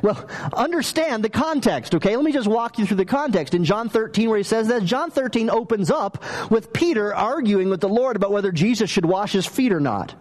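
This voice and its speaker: High-voiced man preaching a sermon. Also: animated, brisk, few pauses. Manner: conversational, story-driven preaching with asked questions. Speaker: pastor.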